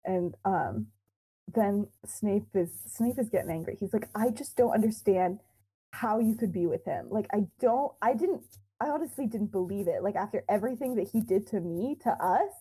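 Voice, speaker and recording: A woman's voice: medium pitch, animated, normal speed, mellow, husky, rough recording. A young woman co-hosting a podcast, casually retelling a fan-fiction story with quoted dialogue, lots of fillers and giggles.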